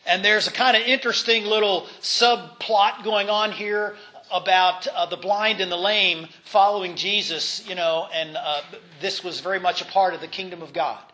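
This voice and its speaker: A man's voice: high voice, steady tone, normal speed, few pauses, bright, forceful tone. A man giving an informal Bible lesson in a conversational way, with fillers, restarts and voiced asides. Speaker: Bible teacher.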